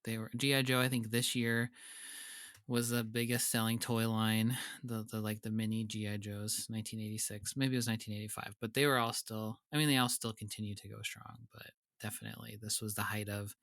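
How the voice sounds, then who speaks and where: A man's voice: lowish voice, level tone, creaky, a bit bright, dry recording, clean studio sound. Wry, laughing podcast co-host man. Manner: laughs often, quick wry asides. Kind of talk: casual podcast chat.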